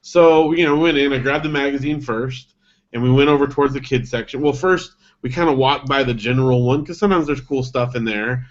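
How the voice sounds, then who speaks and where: A man's voice: mid-range voice, fairly quick. A man in his thirties, a dad, casually telling a story on a podcast, rambling and acting out the voices of people in it. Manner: rambling, acts out dialogue with animated voices. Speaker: podcast co-host. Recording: dull lo-fi podcast audio.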